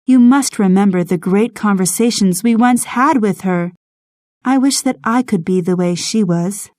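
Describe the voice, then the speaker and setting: A woman voicing a gentle, grieving young woman, speaking softly and earnestly in an audiobook, recorded close to the mic. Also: medium pitch, moderate pace, dry recording, natural voice. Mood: tender. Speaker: Charlotte. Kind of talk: audiobook dialogue reading.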